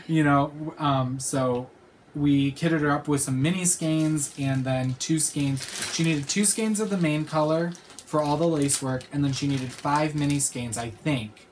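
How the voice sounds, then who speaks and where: A woman's voice: low-pitched, unhurried, darkish tone, slight background noise. A woman hosting a knitting podcast, chatting casually and teasingly, laughing often. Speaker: podcast host. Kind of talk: casual chat.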